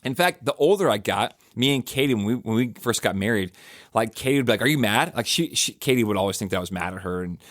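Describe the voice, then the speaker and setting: A man hosts a reflective podcast in a relaxed, meandering way, circling back and restarting his sentences as he thinks aloud. His voice sits on the low side. The sound is dry and close, with no room echo. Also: quick pace. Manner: conversational, rambling with many restarts and fillers. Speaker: podcast host. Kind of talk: casual reflective monologue.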